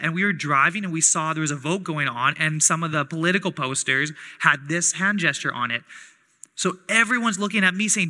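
Bright-voiced young man preaching in a hall. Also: a little high, brisk. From Canada. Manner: conversational storytelling, acts out quoted voices. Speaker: pastor. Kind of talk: sermon with personal story.

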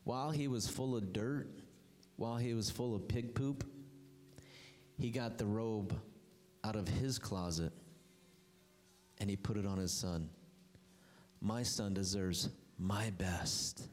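Impassioned preacher in an echoing hall. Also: male voice, slow, long pauses. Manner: impassioned, swings from high emphatic lines to low quiet ones. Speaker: pastor. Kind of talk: sermon. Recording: long hall reverb.

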